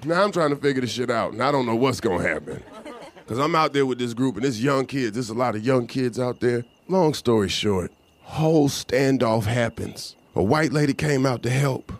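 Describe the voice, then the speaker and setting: A man casually telling a profane, animated story and acting out the voices of others. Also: medium pitch, normal speed. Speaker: guest storyteller.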